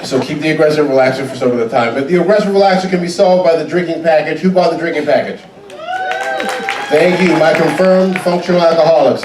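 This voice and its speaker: Animated comedian in an echoey theater. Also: male voice. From Southern United States. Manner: animated, jumps into high shouted character voices. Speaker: stand-up comedian. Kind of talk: stand-up comedy. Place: cruise ship theater. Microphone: audience camera far from the stage. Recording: distant echoey theater recording. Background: audience noise.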